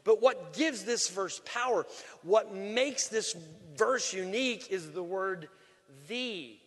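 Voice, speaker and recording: Pastor, male, slightly high voice, lively sermon delivery with jokes, long hall reverb. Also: takes it slowly. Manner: animated, joking asides, emphatic swings in volume.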